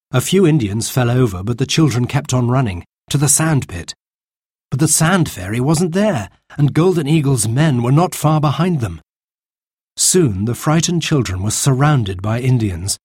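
A man reading a children's storybook aloud in a slow, lively narration. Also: medium pitch, slightly rough, dry recording, studio quality.

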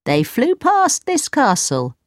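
A woman's voice: high voice, wildly swooping pitch, slow, no echo, studio quality, voice pushed up, exaggerated voice. A woman reading a storybook aloud, voicing a helpful talking pigeon that tells what it saw. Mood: informative.

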